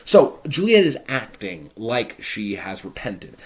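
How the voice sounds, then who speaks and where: A man explains a play line by line in a relaxed lesson. His pitch sits in the middle but moves lively, and he talks conversationally with casual fillers. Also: moderate pace, few pauses.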